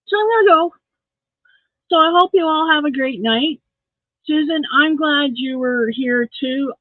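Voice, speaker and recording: This livestream host sounds exhausted and keeps yawning while she rambles to her audience, often at her own expense. Her voice is mid-range, and the recording is dry and tinny, like a phone, with no audible room.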